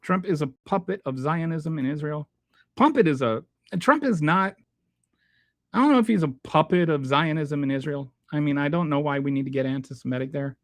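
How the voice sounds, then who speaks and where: Male host, slightly high voice, dry close sound; casual, halting, exasperated rebuttals to comments. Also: no echo. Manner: halting, restarts often, blunt and exasperated. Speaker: show host answering viewer comments.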